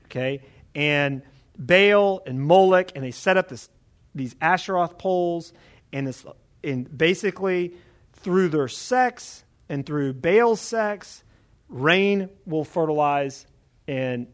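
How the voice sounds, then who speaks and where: A man delivers a Bible teaching sermon with a conversational, animated style, frequently checking in with his listeners. His pitch sits fairly high and he speaks slowly.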